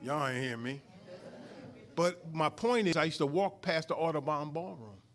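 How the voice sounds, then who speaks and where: In a mosque hall, a middle-aged man from New York, a student minister, teaches a sermon-style study lesson with lively intonation in a fairly high voice at normal speed. He builds to emphatic peaks and calls out to the congregation like a preacher.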